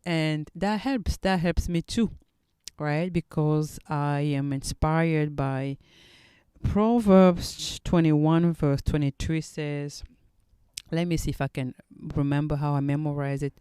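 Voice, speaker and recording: A woman hosting her own podcast talks slowly and thoughtfully, often restarting her sentences in an earnest, reflective way. Her voice is mellow and smooth, recorded dry and close with no room sound. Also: sits low, fairly even intonation, dry recording. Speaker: podcast host. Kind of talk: solo podcast talk.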